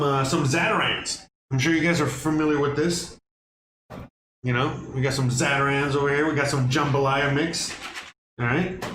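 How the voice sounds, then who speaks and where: A man's voice: fairly high pitch, fairly bright tone. Man hosting a home cooking stream, rambling, lots of fillers, roomy kitchen echo, background noise. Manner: rambling, many fillers and restarts. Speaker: cooking livestream host. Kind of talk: casual cooking livestream chat. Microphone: microphone on kitchen counter setup.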